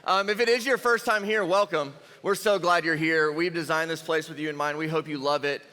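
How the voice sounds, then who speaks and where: A young man giving a lively, jokey youth sermon and talking straight to the crowd. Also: fairly high pitch, brisk. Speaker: youth pastor. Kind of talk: energetic youth sermon storytelling. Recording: long hall reverb.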